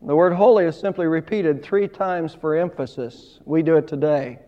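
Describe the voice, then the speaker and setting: High-voiced preacher man in an echoing hall. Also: normal speed. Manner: emphatic preaching, rising and falling in volume. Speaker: pastor. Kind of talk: sermon. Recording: dull lo-fi sound with long hall reverb.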